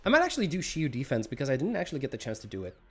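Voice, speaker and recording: A man's voice: medium pitch, huge pitch swings, rapid-fire, a little hiss or hum. A man streaming a game, chatting casually, greeting viewers by name and snacking as he talks. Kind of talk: casual livestream chat.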